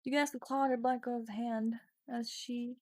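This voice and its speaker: A woman's voice: a little high, level tone, normal speed, darkish tone, no room sound, studio quality. A woman streaming a text adventure game, reading the story aloud with casual swearing and sudden drops into whispers.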